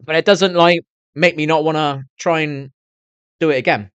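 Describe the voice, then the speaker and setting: A man's voice: fairly high pitch, steady tone, moderate pace, fairly bright tone, clean tone, dry recording, dull audio. A middle-aged man chatting to his viewers on a live stream, swearing constantly and rambling on in a candid way. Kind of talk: casual rambling chat to viewers.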